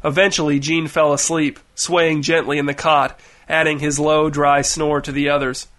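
A man reading a story aloud in a wry, even storytelling manner. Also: a little high, normal speed. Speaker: narrator. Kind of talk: audiobook narration.

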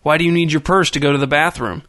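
A man's voice: fairly high pitch, fairly even intonation, fast talker, fairly bright tone, dry recording, studio quality, lightly acted. A man voicing a sullen, volatile nineteen-year-old who erupts into screaming. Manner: sulky, bursts into screaming.

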